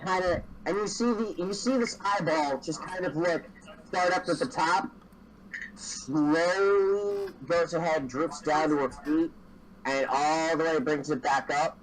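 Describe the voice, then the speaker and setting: Rambling game master, fairly high voice. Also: male voice, lively intonation, measured pace, rough recording. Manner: casual, rambling, laughs often. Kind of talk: narrating a tabletop game.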